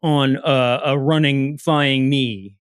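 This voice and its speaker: A man's voice: medium pitch, steady tone, takes it slowly, smooth, dry recording, clean studio sound. A man co-hosting a podcast in casual chat, rambling and cutting himself off with lots of fillers. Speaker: podcast co-host.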